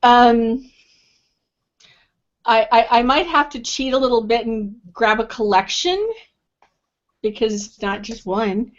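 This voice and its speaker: A woman's voice: fairly high pitch, slow, pauses often. A woman author answering interview questions in a thoughtful, casual way, often restarting her sentences. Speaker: author guest. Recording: dull lo-fi online stream audio.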